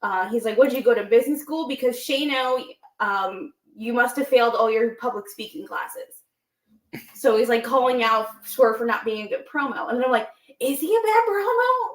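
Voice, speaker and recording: A woman's voice: on the high side, moderate pace, echoey room. A woman co-hosting a casual wrestling podcast, animatedly recapping promos and acting out quoted lines. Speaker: podcast co-host.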